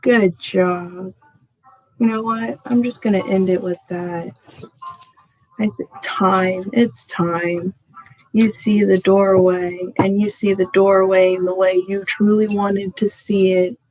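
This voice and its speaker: A woman's voice: mid-range voice, slow pace, no room sound, low-quality recording. Woman reading tarot cards for her viewers, takes her time, super effusive, keeps saying freaking, dry close sound. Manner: effusive, addresses viewers as y'all, peppers speech with "freaking"; gets excited and emphatic when revealing cards. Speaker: tarot card reader. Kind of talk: channeled card reading for viewers.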